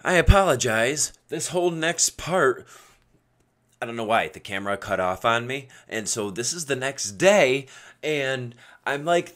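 A man's voice: medium pitch, animated, normal speed, fairly bright tone. A man telling a story to camera in a casual vlog, laughing often and cutting off his swear words mid-word. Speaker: video creator giving dating advice.

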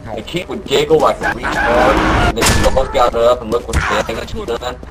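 A man voicing a rambling young Southern good-ol'-boy who drawls through a story and bursts into yelled quotes, over game voice chat. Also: fairly high pitch, background noise, close to an everyday voice.

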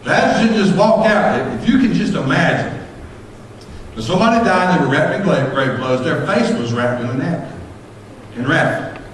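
High-voiced pastor in echoey hall. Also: male voice, lively intonation, moderate pace, slight background noise. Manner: impassioned, shouting at peaks, folksy storytelling. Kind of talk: sermon. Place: church sanctuary. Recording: echoey church hall from far off.

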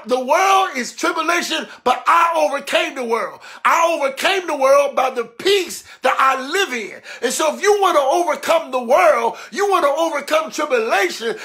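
A man preaching a sermon, swinging between emphatic shouts and hushed, low passages, calling out to his listeners. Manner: calls out exclamations and asks the listeners for response.

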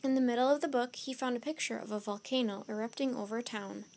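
A woman storyteller reading a children's chapter book aloud, slow, deliberate and expressive. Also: a little high, vocal fry, slight background noise.

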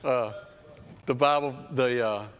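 A man's voice: mid-range voice, takes it slowly, fairly bright tone, a little hiss or hum. Fiftyish guy preaching from a church stage, punchy repeats, big echoey hall. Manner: emphatic and repetitive, building with rising intensity. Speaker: children's pastor. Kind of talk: sermon.

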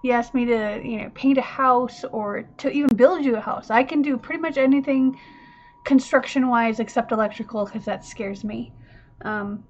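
A woman's voice: on the high side, moderate pace. A woman chatting in a rambling, self-deprecating way while working on mixed media art. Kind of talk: rambling casual craft vlog. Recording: muffled lo-fi with faint room hiss.

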